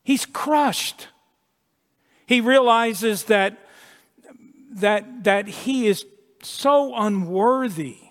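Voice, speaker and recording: High-voiced preacher in an echoing hall. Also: male voice. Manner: emphatic, repeats words, drops to a hush at key points. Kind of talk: sermon. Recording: long echo of a large hall.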